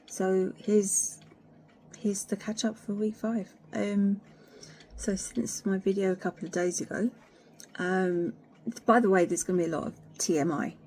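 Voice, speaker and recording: A blunt, sweary woman talks straight to camera from home in a warm, mellow voice. She rants freely and drops into whispered asides. A faint hiss sits behind her. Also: mid-range voice, fairly even intonation, a little slow. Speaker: vlogger. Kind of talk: candid personal vlog.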